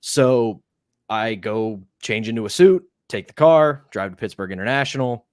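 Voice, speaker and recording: A young man co-hosting a podcast, telling an animated anecdote in a casual chat and acting out the quoted voices. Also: lowish voice, normal speed, no echo, clean studio sound. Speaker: podcast co-host.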